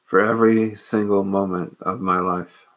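A man reciting, in his own voice, the slow and reverent prayer of a grateful, devout woman. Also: sits low, level tone, fairly bright tone. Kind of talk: quoted prayer.

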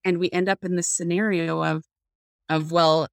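A woman's voice: on the low side, flat delivery, normal speed, creaky, smooth, no echo. Woman, earnest, reflective, video call, dry close sound. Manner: earnest, reflective, searching for words. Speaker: guest speaker. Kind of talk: faith-based parenting talk.

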